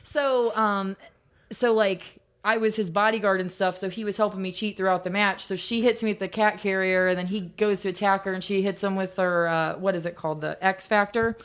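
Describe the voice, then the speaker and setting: A woman in her thirties tells stories as a podcast guest. She talks in a loose, animated way, laughs often and scatters "like" through her sentences. The pitch of her voice sits in the middle range for a woman. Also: a little fast. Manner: animated, laughing, many "like" fillers. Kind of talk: casual storytelling interview.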